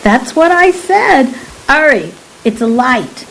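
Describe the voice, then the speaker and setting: A woman voicing a sullen, sly young nanny with rough working-class speech. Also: high-pitched, very animated, slow, fairly bright tone, slight background noise, pitched above the performer's own voice, exaggerated voice, poor audio. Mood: snappish.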